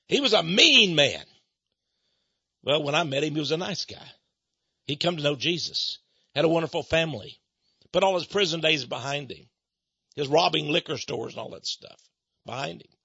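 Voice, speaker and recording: A man preaching a radio sermon as host, telling stories and swinging between soft narration and fervent exhortation. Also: mid-range voice, breathy edge, no room sound, dull audio.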